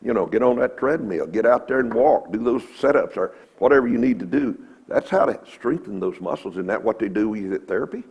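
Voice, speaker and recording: A man's voice: fairly low pitch, lively intonation, fairly quick, few pauses, darkish tone, slightly rough, highs cut off. A man giving a folksy, emphatic Bible lesson in a church, quoting scripture. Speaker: Bible teacher.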